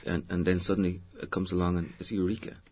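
Irish male novelist, deep and raspy, expansive talker who fills gaps with "you know", dull broadcast sound. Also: little pitch movement, fast. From Ireland. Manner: expansive, digressive storyteller with many fillers. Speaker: novelist guest. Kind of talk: conversational interview answers.

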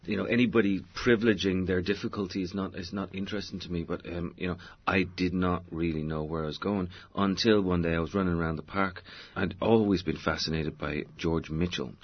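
A man's voice: sits low, steady tone, a little fast, breathy edge, highs cut off. An Irish man, a novelist, answering interview questions in a digressive, storytelling way with many fillers. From Ireland. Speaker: novelist guest.

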